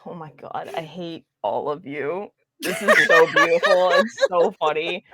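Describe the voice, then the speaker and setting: A woman's voice: fairly low pitch, a little slow, heavy background noise. A woman flustered and swearing, dreading her turn to do a voice on a game stream. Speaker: player. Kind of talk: casual stream chat.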